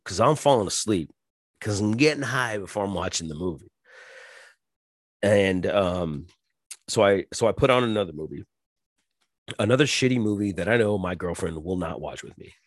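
A podcast host in his forties rambles crudely through a casual monologue, swearing constantly and slipping into mimicked voices. His fairly low voice has lively intonation at a moderate pace with long pauses, recorded in studio quality with no echo.

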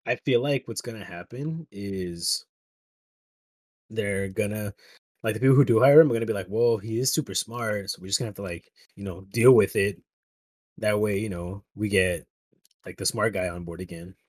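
A young man in relaxed, slangy casual chat. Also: on the low side, normal speed, no echo, clean studio sound. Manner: laid-back, slangy.

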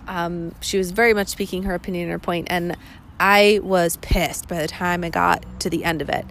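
A woman's voice: medium pitch, fairly bright tone, a little hiss or hum. A woman in her thirties hosting a solo podcast, talking candidly and reflectively, often quoting the questions she asks herself. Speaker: podcast host. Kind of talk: casual solo podcast talk.

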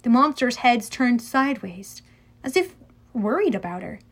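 A woman narrating a children's fantasy audiobook in the first person, lively and storytelling. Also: fairly high pitch, normal speed, breathy edge.

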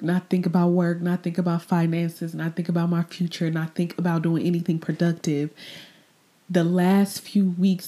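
Podcast host, woman with a warm, lowish voice; confessional, unhurried, drifts to near-whispers. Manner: candid, reflective, drifting into soft breathy asides; repeats phrases, trails off into pauses. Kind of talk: personal faith podcast monologue.

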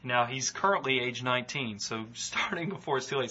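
A man with a Southern US accent, hosting a solo finance podcast in an earnest, encouraging way, with plenty of ums and restarts. His voice is strikingly bright. The recording is a bit dull and lo-fi. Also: mid-range voice, brisk, hardly any pauses, slightly rough. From Georgia, US. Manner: earnest, encouraging, with frequent fillers. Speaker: podcast host, financial adviser. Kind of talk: solo podcast, reading listener emails.

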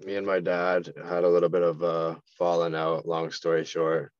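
A man from Canada with a very low, flat, smooth voice talks hesitantly, filling gaps with ums. The audio is dry and slightly dull. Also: moderate pace, dry recording. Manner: hesitant, many ums, subdued. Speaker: podcast guest, drywall contractor. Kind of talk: casual interview talk.

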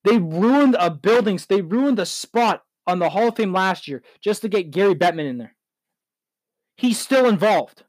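Male solo sports podcaster, rambling and heated, higher-pitched, dry, close-miked sound. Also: animated, moderate pace, no room sound. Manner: rambling, heated, self-correcting.

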